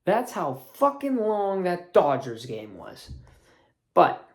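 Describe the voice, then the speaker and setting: A woman's voice: very animated, slow pace. Fired-up woman ranting about sports. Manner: profane, fired-up ranting with big swings in pitch. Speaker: sports channel host. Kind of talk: ranting sports commentary vlog.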